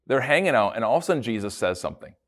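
A man, a pastor, giving a casual devotional talk with animated storytelling and playful asides. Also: mid-range voice, very fast.

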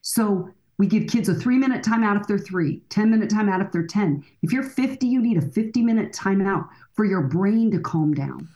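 A woman being interviewed as a counselor, explaining in an animated way. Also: medium pitch, normal speed, hardly any pauses. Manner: animated, explanatory, acts out quoted voices. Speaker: counselor and guest. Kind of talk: interview conversation.

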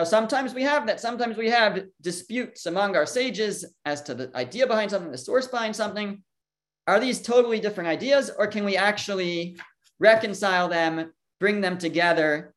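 A teacher giving an explanatory Torah lesson, thinking aloud, posing questions and answering them, and translating the Hebrew terms woven into the talk. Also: medium pitch.

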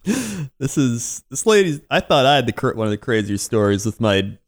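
A man's voice: medium pitch, sing-song, moderate pace, dry recording, studio quality. A man co-hosting a casual podcast, reacting to a story with short interjections and laughter. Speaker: podcast co-host.

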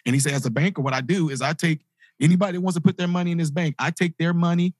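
A man, a motivational speaker, telling a personal story in an animated way and acting out the voices of the people in it. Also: a little high, racing, no echo, clean studio sound. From grew up in inner-city projects. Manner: animated, acts out quoted voices. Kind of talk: storytelling talk.

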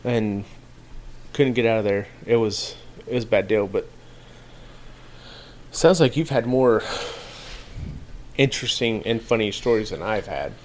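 A man co-hosting a podcast who talks slowly in casual chat and throws in dry wisecracks. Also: fairly low pitch, a little mellow, slight background noise. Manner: slow, drawn-out delivery with dry wisecracks. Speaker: podcast co-host.

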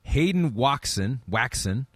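A man's voice: medium pitch, animated, slow pace, slightly rough, dry recording. A man hosting a casual sports talk show, upbeat and reading out listener questions.

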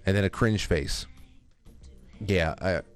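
A man with a Northeastern US accent hosts a casual talk show in a somewhat low voice. He rambles and reads listener comments aloud with offhand asides. Faint music plays underneath. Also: slow, clean tone. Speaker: podcast host.

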